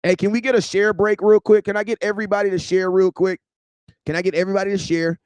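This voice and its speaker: A man hosting a sports vlog, ranting casually in a slangy, joking, animated way. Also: high-pitched, quick pace, clean tone, no room sound. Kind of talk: casual unscripted rant.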